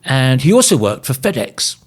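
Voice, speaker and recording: A man's voice: medium pitch, big pitch swings, normal speed. A man co-hosting a podcast, chatting in an easygoing way with dry quips. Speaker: podcast co-host. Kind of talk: casual conversation.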